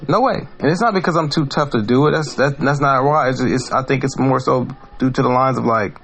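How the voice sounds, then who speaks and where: A man's voice: medium pitch, a little fast, vocal fry, fairly bright tone, faint music behind. A man hosting a podcast, talking in a blunt, profane, rambling monologue full of restarts. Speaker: podcast host. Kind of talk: casual monologue.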